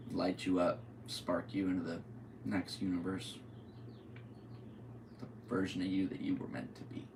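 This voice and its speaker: A low-voiced man from Connecticut rambles through a solo podcast, joking loosely. He sits away from the mic, so his voice echoes around his room. A faint hiss runs underneath. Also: far from the mic. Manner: jokey, rambling, goofy. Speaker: podcast host.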